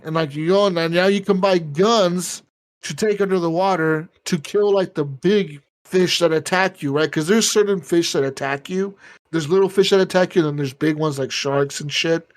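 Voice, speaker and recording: A man co-hosting a gaming podcast, chatting casually and rambling with lots of swearing, quickly acting out characters in asides. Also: fairly high pitch. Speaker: podcast co-host. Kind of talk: casual chat.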